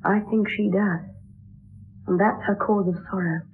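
This is 1960s radio drama verse acting, heard through a tinny lo-fi broadcast. A woman plays a young noblewoman in love who is posing as a boy page, and she speaks her lines with earnest wistfulness. Her mid-range voice is a little slow and breathy, with fairly even intonation.

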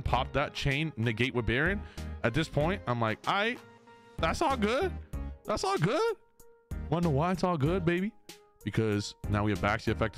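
Excitable man vlogging a card game. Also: lowish voice. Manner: excitable, swears a lot, hyped and exasperated. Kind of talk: casual vlog commentary over gameplay. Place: card game store at a local tournament.

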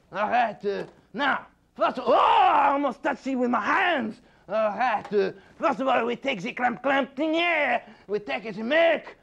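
Alien cooking host, gravelly, husky, very high voice. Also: male voice, full character voice. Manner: excitable, exclaiming. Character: fussy alien cooking-show host, male. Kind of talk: comedy sketch acting.

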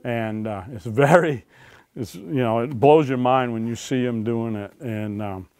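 A man's voice: mid-range voice, a little slow, a little mellow, clear, resonant tone, dry recording. A man who is an author and search and rescue dog handler, telling folksy stories to an audience and often asking "right?". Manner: folksy, keeps checking in with "right?". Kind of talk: storytelling talk to an audience. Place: public library talk.

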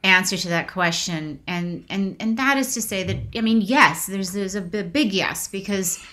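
A woman's voice: medium pitch, moderate pace, sharp tone. A woman in her forties, an actress being interviewed, speaking reflectively with many restarts and getting choked up. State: emotional, choked up. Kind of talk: casual video interview.

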